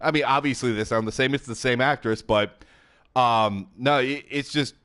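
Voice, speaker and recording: A chatty man hosts a casual gaming commentary, speaking at a mid pitch into a headset mic. He sounds excitable and loose, with plenty of laughs and filler words. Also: normal speed, smooth. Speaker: gaming YouTube host.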